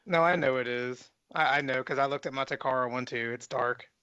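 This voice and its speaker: A man's voice: mid-range voice, fairly quick, bright, forceful tone, clear, resonant tone, no room sound. A man co-hosting a podcast, chatting casually and joking about toy collecting. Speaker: podcast co-host. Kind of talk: casual chat. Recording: dull lo-fi podcast audio.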